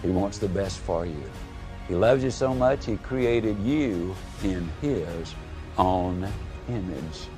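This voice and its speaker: A man giving a live motivational speech, telling folksy stories and swinging between booming and hushed delivery. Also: expressive, takes it slowly, over music. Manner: folksy storytelling. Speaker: motivational speaker.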